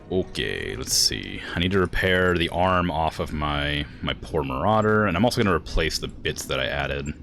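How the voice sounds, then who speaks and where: A man's voice: very deep voice, lively intonation, a little slow, fairly bright tone, faint music behind. A young man streaming a video game, chatting casually, thinking aloud and chuckling as he plays. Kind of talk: casual gameplay chat.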